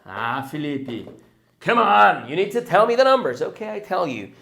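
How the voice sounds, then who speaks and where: A man with a Brazilian Portuguese accent, a native Portuguese speaker, teaching English and drilling each word deliberately and repeating phrases. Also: on the high side, very animated, gravelly, sharp tone, slight background noise. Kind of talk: slow, deliberate English lesson.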